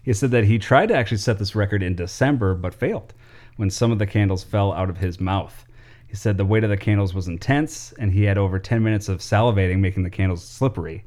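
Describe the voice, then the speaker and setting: A man runs through his podcast segments in a relaxed, rambling way. He laughs easily and fills gaps with ums, his voice sitting a bit low. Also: fast. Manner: loose and chatty, laughs easily, lots of ums. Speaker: podcast co-host presenting segments. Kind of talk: casual chat.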